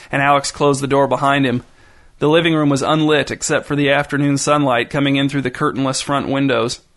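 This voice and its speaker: A man narrating a short story in an even, dry reading style. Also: medium pitch.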